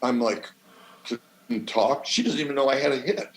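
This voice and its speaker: A man from the American Midwest, a podcast guest who grows cannabis, telling stories in a swaggering, salty, animated way. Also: medium pitch, normal speed, reverberant, rough recording. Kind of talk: casual storytelling.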